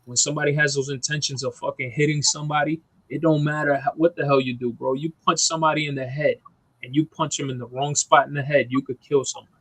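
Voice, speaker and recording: A man's voice: fairly high pitch, little pitch movement, fast, a bit bright, dry recording, rough recording. A man talking on a casual podcast, ranting emphatically with lots of profanity. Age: adult parent. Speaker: podcast co-host. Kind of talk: heated casual chat.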